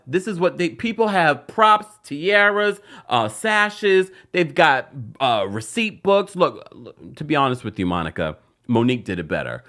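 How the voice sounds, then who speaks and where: A man hosting a casual reality TV recap show, chatting and reading a sponsor spot. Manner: animated, chatty, jumps up in pitch for emphasis.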